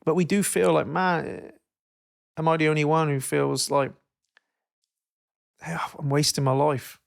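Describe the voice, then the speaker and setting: Man in his thirties, podcast host, casual chat, animated, swears, slightly high, gravelly edge. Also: measured pace. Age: 30s. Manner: animated, swearing, acts out quotes with voices.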